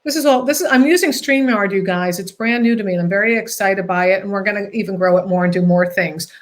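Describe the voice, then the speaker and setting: A woman's voice: medium pitch, fast. A woman hosting a talk show, chatting casually and joking between plugs for her sponsors. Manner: joking, chatty, full of fillers.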